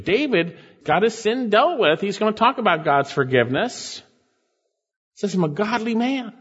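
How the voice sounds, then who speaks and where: A man preaching a sermon, dwelling on scripture with dramatic pauses and slowed, emphatic lines. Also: high-pitched, in a large hall, highs cut off. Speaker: pastor.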